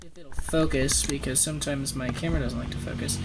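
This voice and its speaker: A man's voice: mid-range voice, fairly even intonation, background noise. Rambling young man reviewing a toy. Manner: rambling, halting, with frequent ums and uhs. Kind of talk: casual hands-on toy review. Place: home desk filming a toy close up. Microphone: camera microphone.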